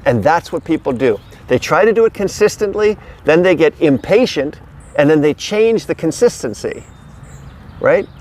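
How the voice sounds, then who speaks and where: A middle-aged dog trainer speaks casually outdoors to a camera held by another person, giving instructions in an emphatic, repetitive coaching style. His voice is fairly high, animated, and a little mellow, at a normal pace.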